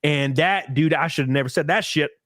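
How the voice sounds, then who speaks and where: A man's voice: fairly high pitch, fairly quick, dry recording, studio quality. A man hosting a casual podcast, telling a story with lots of swearing and acted-out quotes. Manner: animated storytelling, acts out quotes with profanity. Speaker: podcast host.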